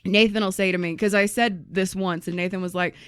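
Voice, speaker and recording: A woman co-hosting a casual podcast, telling and reading listener stories with lively voices for the people she quotes and plenty of swearing. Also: mid-range voice, brisk, clean tone, no room sound, clean studio sound. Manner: animated storyteller, acts out quoted people, swears freely. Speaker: podcast co-host.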